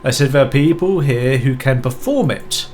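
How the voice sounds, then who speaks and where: A man's voice: medium pitch, lively intonation, normal speed, darkish tone, faint music behind, close to an everyday voice. A man voicing a formal French male debunker of mystics in a put-on French accent, sprinkling in French words.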